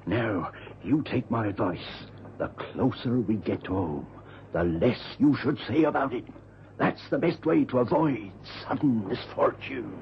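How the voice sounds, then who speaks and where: A man playing a gentle giant old sailor. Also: medium pitch, lo-fi sound, slight background noise, lightly acted. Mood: solemn warning. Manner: slow, solemn, warning tone with archaic 'tis. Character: giant old ship's carpenter, superstitious and gentle.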